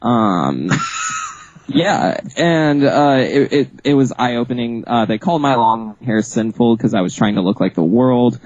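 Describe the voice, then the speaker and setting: A man, the author being interviewed, telling a story in a casual, animated way, laughing often and restarting his sentences. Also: mid-range voice, unhurried, lo-fi sound. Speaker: author guest.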